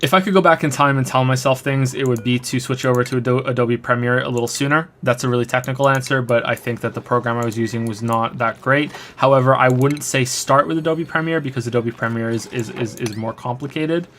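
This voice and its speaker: A man's voice: medium pitch, fairly even intonation, quick pace, hardly any pauses, fairly bright tone, a little hiss or hum. A man casually answering chat questions on a live stream while playing a game, rambling with frequent restarts and fillers.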